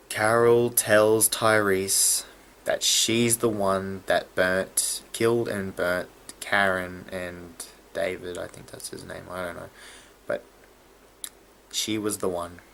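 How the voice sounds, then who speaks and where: Excitable low-voiced man reviewing a show. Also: a little hiss or hum. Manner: excitable, stumbling and restarting mid-sentence. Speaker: TV episode reviewer. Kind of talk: casual video review.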